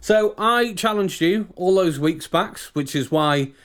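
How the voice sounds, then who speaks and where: A man's voice: sits high, animated, unhurried, fairly bright tone. A British man co-hosting a podcast in casual chat, ranting and often restarting his sentences. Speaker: podcast co-host.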